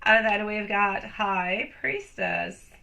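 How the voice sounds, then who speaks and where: Speaking slowly at a medium pitch with a sharp tone, a tarot reader chats warmly through a live reading captured in a low-quality recording. She calls viewers "sweetie" and "love," her voice still slightly off while she recovers.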